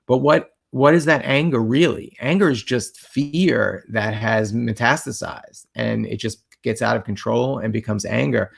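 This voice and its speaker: Earnest man with a gravelly voice. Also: medium pitch, a little slow, hardly any pauses. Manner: earnest, reflective, with many fillers. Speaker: co-host of a couples livestream. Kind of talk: casual conversational talk.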